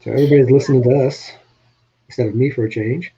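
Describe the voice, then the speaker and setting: A man's voice: medium pitch, steady tone, fast, mellow, husky, dull audio. A man with a New England accent hosting a casual live-stream chat, easygoing and plain-spoken. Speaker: host.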